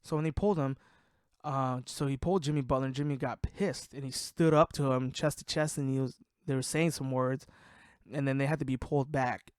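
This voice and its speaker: A man's voice: mid-range voice, fairly even intonation, brisk, clear, resonant tone, no room sound, studio quality. A man hosting a casual sports podcast, ranting in a heated, profane way, worked up and sweating. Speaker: podcast host.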